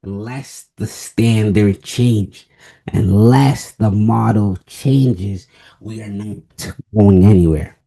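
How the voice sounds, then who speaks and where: A man's voice: fairly low pitch, takes it slowly, creaky, warm tone. A twenty-year-old man from the United States giving an emphatic sports opinion monologue, repeating key phrases for stress. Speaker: sports vlogger.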